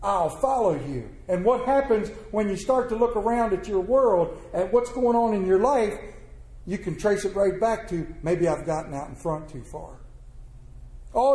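A man with a high voice delivers a sermon in a folksy, conversational manner, acting out little quoted asides. His tone is dark and mellow. The room around him is echoey. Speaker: preacher.

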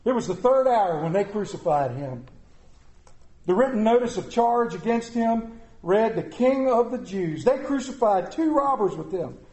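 A middle-aged man preaching a sermon, with dramatic pauses and repetition. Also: high-pitched, expressive, dark tone. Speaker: pastor. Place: church sanctuary. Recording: echoey room.

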